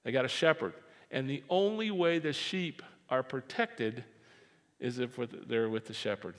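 A man preaching a sermon as pastor, animated and repeating phrases for emphasis. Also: mid-range voice, normal speed. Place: church sanctuary. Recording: reverberant hall.

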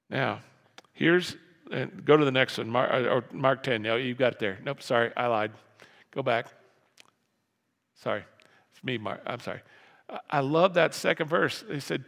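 A man preaching a sermon as pastor, animated, repeating his phrases and acting out voices from the story. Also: mid-range voice, measured pace, creaky. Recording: long hall reverb.

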